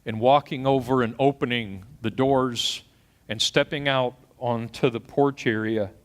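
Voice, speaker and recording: A middle-aged pastor from Texas preaching a sermon, swinging between loud punchy asides and quiet storytelling. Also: male voice, medium pitch, fairly even intonation, a little slow.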